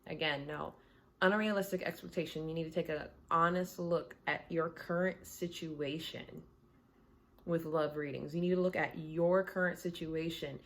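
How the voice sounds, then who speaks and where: A woman's voice: sits low, a little hiss or hum. A woman who reads tarot, talking casually from her home in a blunt, candid, conversational way. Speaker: tarot reader. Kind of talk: casual chat.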